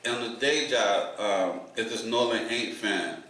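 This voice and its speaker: A man's voice: lowish voice, measured pace, bright, forceful tone, very echoey, far from the mic, rough recording. A man hosting a casual sports podcast, trash-talking and swearing as he gives predictions with frequent laughs. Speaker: podcast host.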